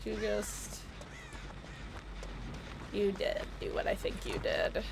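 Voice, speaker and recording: Woman streamer, mid-pitched, chats loosely and thinks aloud mid-game, faint hum behind her. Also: wildly swooping pitch, slow, creaky. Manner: rambling, chatty asides to chat, thinking aloud. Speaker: livestreamer. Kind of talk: casual live gameplay commentary.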